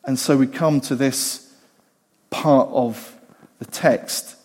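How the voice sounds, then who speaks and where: A man preaching a sermon, animated and acting out the voices of the people in the story. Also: medium pitch, slow. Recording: long hall reverb.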